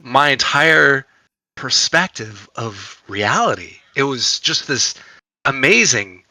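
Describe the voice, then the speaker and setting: A man's voice: medium pitch, sing-song, slow, pushed and bright, dry recording, low-quality recording. A man who is a guest on a gaming podcast, telling long, eager stories with a sarcastic streak. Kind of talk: casual chat.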